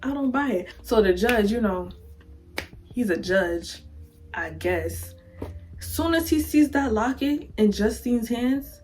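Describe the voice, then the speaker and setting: Animated woman vlogger retelling a story. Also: on the high side, slow, long pauses, soft background music. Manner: animated, dramatic, acts out characters. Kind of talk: casual storytime recap of a novel.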